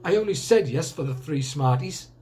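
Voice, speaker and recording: A man's voice: a little high, animated, normal speed, warm tone, close to an everyday voice. A man voicing a frightfully posh elderly lady who complains and sulks. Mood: huffy. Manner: haughty, complaining, sarcastic.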